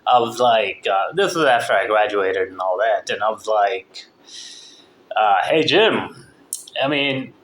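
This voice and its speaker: A man's voice: on the low side, a little slow, a bit bright, echoey room. A man who did not grow up speaking English, with a partly Southern American accent, talking in a profane, rambling, opinionated monologue. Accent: mixed, partly American Southern.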